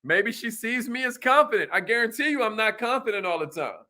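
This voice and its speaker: A man hosting a motivational talk, energetic and playful, with slangy banter aimed at a live audience. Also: high-pitched, brisk. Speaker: motivational show host.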